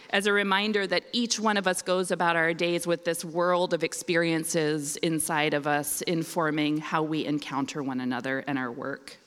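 A woman emceeing a storytelling event, calm and measured, in an auditorium. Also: fairly low pitch. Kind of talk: formal event introduction. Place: large auditorium. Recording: long hall reverb.

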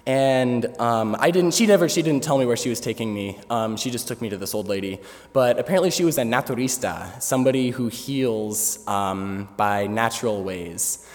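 A man's voice: mid-range voice, normal speed, a little mellow. A young man telling a funny story to an audience, hesitant with many fillers, laughing along. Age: young adult. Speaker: student speaker. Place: large hall before an audience. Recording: echoey hall, faint ambience.

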